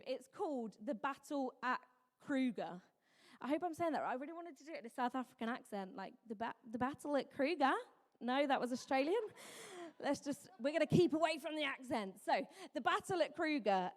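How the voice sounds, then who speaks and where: A young woman preaching a sermon in a chatty, self-mocking storytelling way, full of "like"s. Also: high-pitched. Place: church hall. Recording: long hall reverb.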